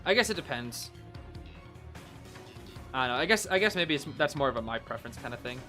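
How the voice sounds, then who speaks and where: A man giving casual, excitable live commentary on a game match, rambling with lots of fillers. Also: medium pitch, fairly quick, soft background music.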